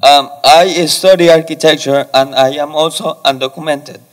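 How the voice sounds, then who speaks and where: Young guy from ecuador near tears at the mic, kinda high voice, lots of hall echo. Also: steady tone. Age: 20s. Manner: halting, apologetic, pausing often. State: emotional, close to tears. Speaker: audience member asking a question. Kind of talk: emotional question from the floor. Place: large lecture hall. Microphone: audience microphone. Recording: reverberant lecture hall.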